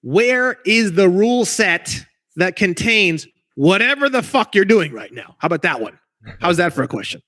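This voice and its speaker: A man's voice: high voice, very animated, normal speed, fairly bright tone, dry recording. Emphatic, profane man with a dry sound. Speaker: guest legal researcher. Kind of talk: casual conversation on a call.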